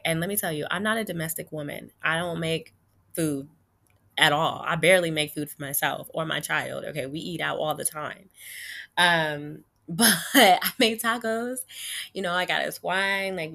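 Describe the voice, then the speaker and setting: A woman's voice: low-pitched, bright, forceful tone. A woman vlogging a frank personal story in a chatty, emphatic way, filling her talk with "like" and "you know.". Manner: chatty, frequent "like" and "you know", addresses viewers as "y'all".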